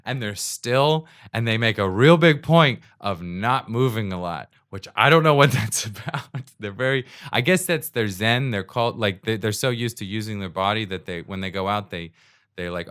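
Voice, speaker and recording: A man's voice: lowish voice, normal speed, a bit bright, clear, resonant tone, no echo, clean studio sound. A man hosting his own podcast in a rambling, self-deprecating comic monologue, laughing between phrases, recorded on a USB mic. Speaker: podcast host. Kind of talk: solo comedic monologue. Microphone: secondhand USB mic.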